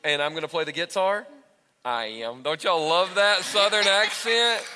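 A man in his thirties preaching a sermon to his congregation on a church stage, animated and talking straight to the crowd. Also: high-pitched, normal speed, noisy background. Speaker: pastor. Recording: echoey hall with long reverb.

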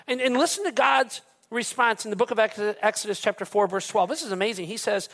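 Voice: mid-range voice, quick pace, few pauses, fairly bright tone. A pastor preaching a sermon in an emphatic way, talking straight to the congregation and repeating phrases for weight.

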